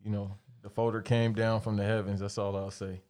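A man's voice: on the low side, level tone, brisk, darkish tone, a little hiss or hum. A man guesting on a podcast, dropping dry, understated quips in casual chat.

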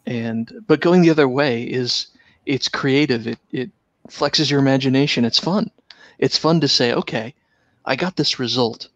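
A man's voice: mid-range voice, moderate pace, no room sound. A man in casual chat about tabletop gaming, reflective and restarting phrases. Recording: dull, dry lo-fi sound.

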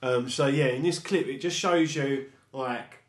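A man's voice: medium pitch, a little slow. A man co-hosting a casual podcast chat, laid-back and casually swearing. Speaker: podcast co-host. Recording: roomy echo.

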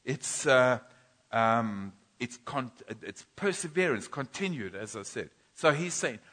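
A man preaches a sermon in a church, his voice bright and clear at a middle pitch. He speaks emphatically, repeating key phrases and often restarting his sentences. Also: expressive, takes it slowly. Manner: repetitive, emphatic, frequent restarts.

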